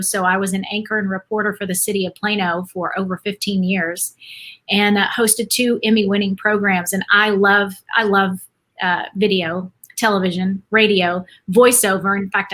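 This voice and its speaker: A middle-aged woman from Dallas talks as a guest on a relaxed podcast, bright and forward in tone. She tells her story in a chatty way and laughs easily, her pitch sitting in an ordinary middle range. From Dallas, Texas, USA. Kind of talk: casual podcast chat.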